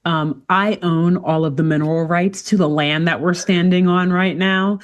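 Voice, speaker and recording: Smug con-man cartoon boss, quick denials, woman doing a light impression. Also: lowish voice, fairly even intonation, lo-fi sound, close to an everyday voice. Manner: casual, offhand paraphrase of a cartoon villain. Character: smug fraudster male animal boss.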